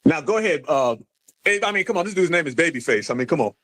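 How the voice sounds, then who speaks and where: A man's voice: a little high, animated. An American man hosting a livestream, taunting and mocking a guest in a heated argument. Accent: American English. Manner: mocking, taunting, loud and rapid insults. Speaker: livestream host.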